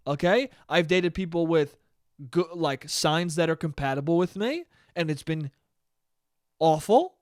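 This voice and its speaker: Young male podcast host, solo comedic rant, profane and rambling, slightly high voice, smooth tone, dry close mic. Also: expressive, a little slow, dry recording. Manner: profane, rambling, acts out quotes in mock voices.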